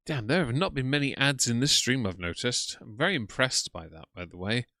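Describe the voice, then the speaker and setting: A man's voice: medium pitch, a little fast, sharp tone, no room sound. A young man giving casual, sarcastic live-stream commentary and talking to his chat. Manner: chatty, sarcastic, greets chat by name. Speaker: streamer reacting to videos.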